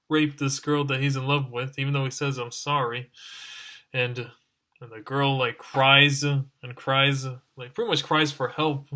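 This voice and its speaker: A man rants through a review in a bright, tense voice that carries a sharp edge. He sounds exasperated and keeps exclaiming again and again, stumbling over his words as he piles on complaints. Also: mid-range voice. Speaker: online reviewer. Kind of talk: ranting review.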